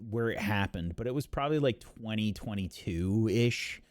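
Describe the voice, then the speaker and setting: Lively game master, mid-pitched, very dry close sound, thoughtful and sweary. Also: male voice, moderate pace, no echo. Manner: animated, reflective, swears. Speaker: game master and show regular. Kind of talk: casual podcast chat.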